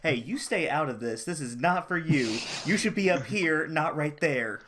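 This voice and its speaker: A man's voice: fairly high pitch, lively intonation, moderate pace, a bit bright, a little hiss or hum, pitched above the performer's own voice. A man voicing a bossy male ghost who shares his body, with a scolding manner.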